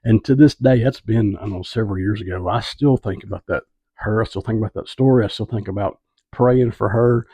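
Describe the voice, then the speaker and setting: A man's voice: fairly low pitch, a little fast, mellow, slightly rough, dry recording. A man who does street evangelism tells a personal testimony story in a loose, conversational way, often checking in with listeners. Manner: conversational, asks listeners "right?".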